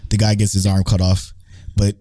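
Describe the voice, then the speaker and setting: A man co-hosting a podcast in a casual anime chat, excitable and profane, acting out characters' lines. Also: on the low side, moderate pace, dry recording. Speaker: podcast co-host.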